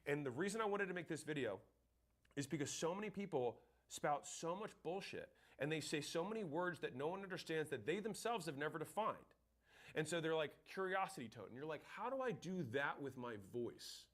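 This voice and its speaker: A man's voice: fairly high pitch, lively intonation, a little fast. Blunt, emphatic man teaching sales. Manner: blunt and emphatic, swears casually. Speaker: sales trainer. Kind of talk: instructional talk to camera.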